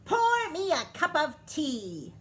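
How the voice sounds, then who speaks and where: A woman doing a shrill, bratty queen bee. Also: animated, takes it slowly. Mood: furious. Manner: shrill wailing tantrums, near crying. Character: bossy spoiled queen bee, loud and tantrum-prone.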